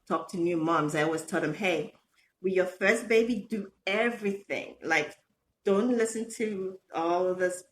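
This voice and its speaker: A middle-aged woman, a podcast guest, telling stories about motherhood in a lively way, laughing often and acting out quotes. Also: fairly low pitch, a little hiss or hum. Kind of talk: casual storytelling interview.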